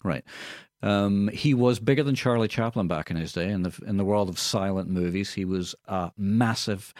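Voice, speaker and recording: Middle-aged Scottish man on radio, low-voiced, dry. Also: moderate pace, darkish tone, no echo. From Scotland. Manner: wry, rambling, many ums. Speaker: radio co-host. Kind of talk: casual radio chat.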